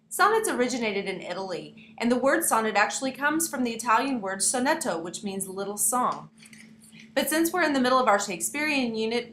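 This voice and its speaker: A young woman teaches her class in a playful manner and keeps speaking straight to the students. Her voice sits a little high. The recording has the echo of a room and a faint hiss behind it. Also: bright, forceful tone. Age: young adult. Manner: playful, addresses students directly. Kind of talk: classroom lesson narration.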